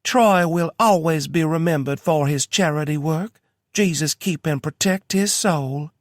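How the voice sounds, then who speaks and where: A man's voice: a little high, unhurried, no room sound, studio quality, voice pushed up, natural voice. A man voicing a woman mimicking a solemn preacher with a thick Kentucky accent. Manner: pompous, solemn sermon tone. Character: mock preacher, solemn, Southern.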